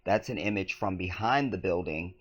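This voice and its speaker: Lowish male voice, sneering vlog commentary, repeats the news lines back mockingly. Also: normal speed, a bit bright. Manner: scornful, emphatic, repeats phrases back.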